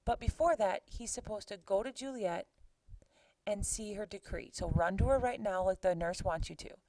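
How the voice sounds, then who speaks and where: A woman's voice: medium pitch, normal speed, a little hiss or hum, rough recording. Chatty woman teacher recapping a play. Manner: animated and chatty, paraphrasing lines in modern words. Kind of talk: lesson recap with paraphrased quotes.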